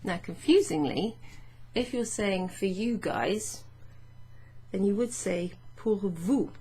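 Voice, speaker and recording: A woman teaching French grammar in a patient, chatty way, reading French phrases slowly and explaining them. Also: medium pitch, dark tone, slightly rough. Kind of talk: casual explanatory lesson.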